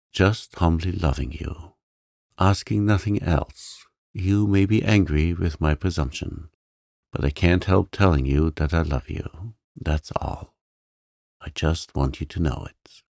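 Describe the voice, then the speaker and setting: Brief: man reading a reverent, earnest suitor in a storybook; deep, gravelly, slow and pleading. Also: a little mellow, no room sound, clean studio sound, exaggerated voice.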